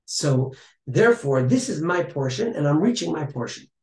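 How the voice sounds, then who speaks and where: A humble older rabbi, as a man retells his words, speaking earnestly and reflectively in a slightly high voice. The sound rings around an echoey room. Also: very animated, normal speed.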